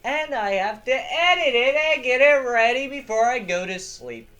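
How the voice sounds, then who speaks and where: A young adult lore channel host in casual commentary, hoarse from yelling and excitable, swearing freely. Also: medium pitch, normal speed.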